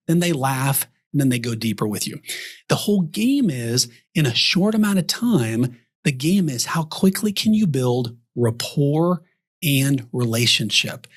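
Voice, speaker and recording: A man's voice: fairly high pitch, moderate pace, slightly rough. A man from Texas, a guest on a podcast, coaching advisors by acting out example conversations. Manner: animated storyteller acting out example dialogues. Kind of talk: podcast interview talk.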